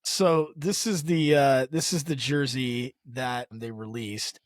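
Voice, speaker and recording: A man's voice: medium pitch, slow, dry recording. Dry-miked laughing podcast co-host man. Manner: laughs often, animated storytelling. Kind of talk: casual chat.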